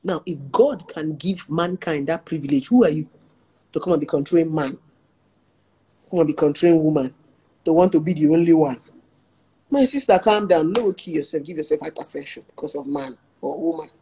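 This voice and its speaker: A woman's voice: deep voice, fairly quick, mellow, a little hiss or hum. A young Nigerian woman, a relationship therapist, telling stories in casual talk, laughing often and slipping into pidgin.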